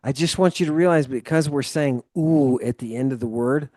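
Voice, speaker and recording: A man of middle pitch leads a one-on-one Greek lesson, patiently walking through grammar and praising each try. The sound is dry and close, with no room around his voice. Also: moderate pace, dark tone, no room sound. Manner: encouraging, explains grammar at length. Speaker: Greek teacher. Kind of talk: live tutoring session.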